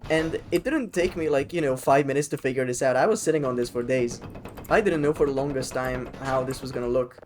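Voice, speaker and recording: A man's voice: medium pitch, fairly quick, a little hiss or hum. A man live-streaming a game, chatting casually with his chat, rambling and swearing freely.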